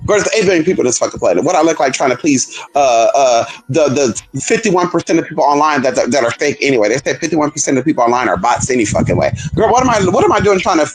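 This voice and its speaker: Brief: flamboyant man, rapid and animated, sassy storytelling vlog. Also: soft background music, low-quality recording. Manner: flamboyant, sassy, very expressive, swings into high voices for quoted people. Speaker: spiritual practitioner and vlogger. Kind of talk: casual storytelling monologue.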